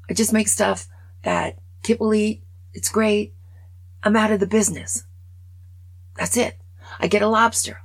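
Older woman podcast host, late sixties, wry chatty monologue; husky, raspy, gravelly tone. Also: medium pitch, poor audio. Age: over 65. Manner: wry, chatty, self-mocking. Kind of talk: casual monologue.

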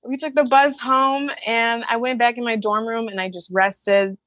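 A woman's voice: fairly high pitch, fairly even intonation, moderate pace, a bit bright, dry recording. A woman from the Chicago suburbs telling a personal story to an interviewer, candid and emotional, swearing freely and acting out the voices of people she quotes. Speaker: interview guest.

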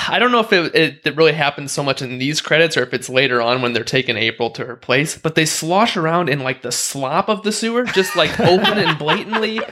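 A man's voice: a little high, lively intonation, fairly quick, pushed and bright. A young man on a movie podcast, hesitant and rambling as he explains his views. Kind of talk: casual movie chat.

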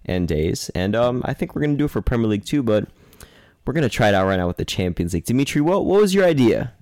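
A man's voice: mid-range voice, big pitch swings, quick pace, a little mellow, no echo, clean studio sound. A man co-hosting a sports podcast in casual chat, talkative and playful, often correcting himself mid-sentence. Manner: chatty, self-correcting, playful. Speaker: podcast co-host.

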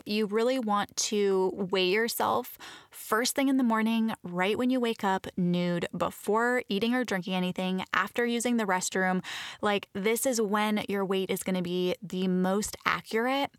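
A woman's voice: mid-range voice, steady tone, a little slow, no room sound, clean studio sound. A woman talking casually to camera about fitness, earnest and chatty, often restarting her sentences. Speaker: fitness vlogger. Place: Los Angeles area.

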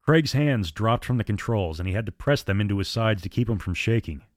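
A man narrates a suspense audiobook with a measured, dramatic delivery. His voice sits on the low side and is recorded close and dry, with no room sound. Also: animated, no room sound.

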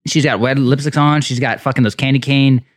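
Fast-talking profane man, dry sound. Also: medium pitch, dry recording. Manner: fast, profane, animated anecdotes. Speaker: podcast co-host. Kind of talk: casual chat.

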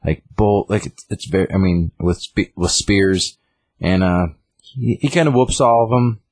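Sitting low and moving a little slowly, his darkish voice carries a loose, filler-heavy podcast retelling of a comic book story, complete with character lines read aloud. The recording is dry.

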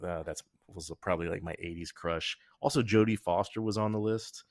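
A man with a very low, deep voice hosts a podcast, talking in a loose, rambling, joking way that often trails off and restarts. The sound is close and dry, with no room sound around him. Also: a little fast, no room sound. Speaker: podcast host. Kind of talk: casual chat.

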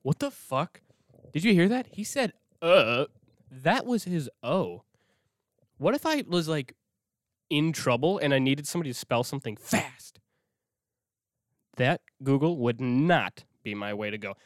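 A young man talks into his mic in a loose, profane solo podcast rant, often stopping and restarting his sentences. His pitch swings widely as he goes. The sound is close and dry, with no room around it. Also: sing-song, measured pace, long pauses, no echo. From Minnesota. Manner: rambling, profane, self-interrupting. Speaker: podcast host.

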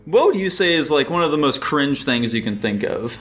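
A man hosting a casual podcast over an online voice call, animated, swearing freely and throwing questions to his friends. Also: a little high, brisk, faint music behind. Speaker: podcast host. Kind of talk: casual chat.

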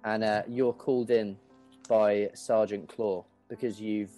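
A man's voice: lowish voice, fairly even intonation, measured pace, dark tone, faint music behind. A man narrating a tabletop role-playing game as game master, in casual, filler-heavy speech.

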